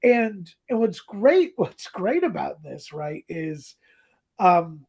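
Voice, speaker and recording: A gravelly, husky co-host chats casually on a podcast. The voice swings widely in pitch, lively and animated. Quotes get acted out with relish. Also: slow pace. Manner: animated, laughs, acts out quoted lines. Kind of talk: casual chat about a radio drama.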